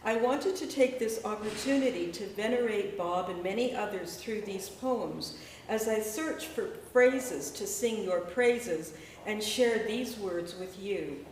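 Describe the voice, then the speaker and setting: A woman poet giving a measured, deliberate poetry reading and spoken-word performance in a gallery. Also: medium pitch, a little hiss or hum. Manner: measured, deliberate, rhythmic delivery. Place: echoey gallery hall. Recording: echoey room, mic far away.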